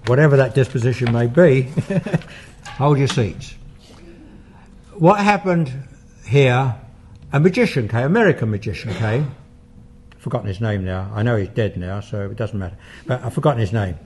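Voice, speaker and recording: An older man, a paranormal investigator, giving a lecture and taking audience questions in an unhurried, anecdotal storytelling manner. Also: medium pitch, a little mellow, slight background noise. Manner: anecdotal, unhurried storyteller who acts out quoted dialogue.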